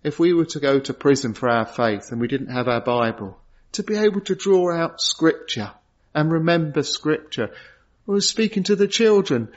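Middle-aged male preacher, earnest, measured phrasing, slightly high voice, dull recording. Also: lively intonation. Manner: earnest, pausing in short phrases, rising to emphasis. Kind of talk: sermon. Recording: dull lo-fi sound.

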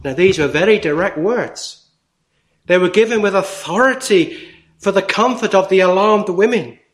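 A man preaching a sermon in a slow, deliberate way with emphatic pauses. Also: high-pitched.

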